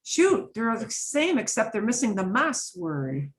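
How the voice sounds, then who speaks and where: A woman's voice: fairly high pitch, big pitch swings, unhurried. A middle-aged woman teaching a Spanish class, acting out example phrases with lots of expression. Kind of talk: online class lesson.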